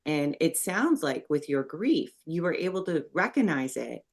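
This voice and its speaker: A middle-aged woman hosting a podcast, speaking in a reflective, explanatory way and growing animated when she tells a story. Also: low-pitched, moderate pace. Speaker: podcast host. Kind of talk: conversational interview.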